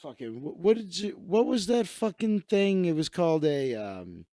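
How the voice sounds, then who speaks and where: A man's voice: fairly high pitch, big pitch swings, moderate pace, warm tone, no echo, studio quality. A man hosting a comedy livestream, riffing crudely and profanely with lots of restarts. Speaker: livestream host. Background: faint music playing.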